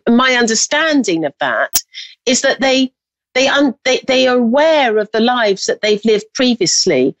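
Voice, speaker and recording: A woman's voice: fairly high pitch, no echo. Rambling, reflective woman hosting a psychic show. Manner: rambling, reflective, many restarts. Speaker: psychic medium and host. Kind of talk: call-in radio hosting.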